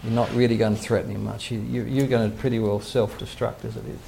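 Gravelly older man preaching a sermon. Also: lowish voice, flat delivery, quick pace, dark tone, slight background noise. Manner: earnest preaching, quotes scripture, chuckles to himself. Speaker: pastor. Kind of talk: sermon teaching.

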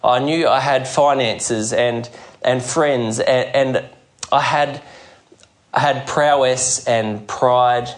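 A man's voice: mid-range voice, fairly even intonation. Earnest man preaching a sermon. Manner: earnest, measured preaching with dramatic quoted voices. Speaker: pastor.

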